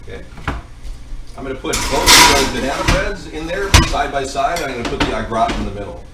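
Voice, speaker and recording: A man's voice: medium pitch, fairly quick, heavy background noise. A man hosting a live cooking stream from his home kitchen, rambling between the recipe and replies to viewers. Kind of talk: casual live-stream chat.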